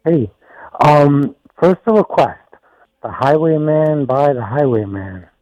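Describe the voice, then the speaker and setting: A man's voice: a little high, lively intonation, slow, warm tone, no echo. A man calling in to a radio show, blunt and straight to the point. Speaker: caller. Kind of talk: casual call-in chat. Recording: dull phone line.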